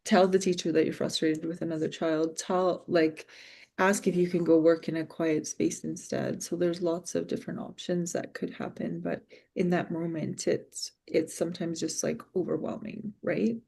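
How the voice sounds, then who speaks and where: A woman teacher with a low, gravelly, husky voice chats casually. She talks in a loose, rambling way full of fillers and quick laughs. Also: little pitch movement, mellow. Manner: chatty, many fillers and laughs. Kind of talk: casual discussion.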